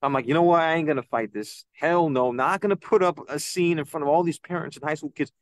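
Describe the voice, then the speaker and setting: A young man, a podcast guest, telling an animated story and acting out the people he quotes. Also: a little high, fast, no room sound. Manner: excitable, acts out quoted voices. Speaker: podcast guest, citizen news reporter.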